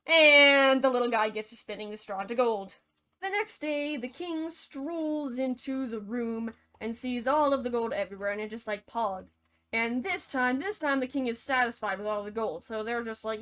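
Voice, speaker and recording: A woman's voice: a little high, moderate pace, sharp tone. A young woman telling a fairy tale in a casual, playful, slangy and rambling way. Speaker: narrator. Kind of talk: casual storytelling narration.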